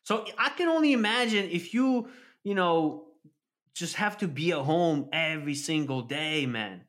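Man, casual podcast chat, fairly high voice, lively swings in pitch, heavy swearing. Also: unhurried. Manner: animated, swears constantly, acts out scenarios.

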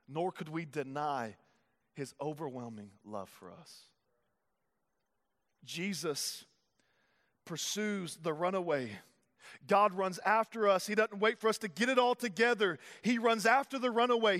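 A pastor in his thirties delivers a sermon in a notably high-pitched voice. He swings between quiet, close passages and loud, driving ones. The sound carries a long hall reverb. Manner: preaching with swings from hushed to loud.

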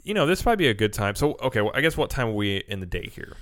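A man's voice: lowish voice, sing-song, racing, fairly bright tone, no echo. A man co-hosting a casual chat full of theme park tips, rambling with fillers. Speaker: co-host.

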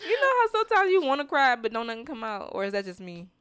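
A young woman, co-hosting a casual chat, soft-spoken and earnest with frequent giggles. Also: on the high side, very animated, fast talker, clean tone, no room sound. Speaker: podcast co-host.

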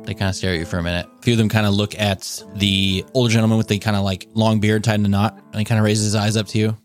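A man's voice: fairly low pitch, flat delivery, racing, soft background music. A man narrating a tabletop game as game master, casual and full of fillers. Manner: casual, with many fillers like "kinda".

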